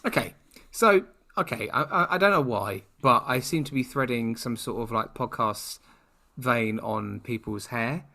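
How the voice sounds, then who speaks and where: A man's voice: medium pitch, unhurried, gravelly, sharp tone. A man with a British accent co-hosting a podcast, chatting casually in a rambling, playfully sarcastic way. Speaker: podcast co-host. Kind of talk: casual chat.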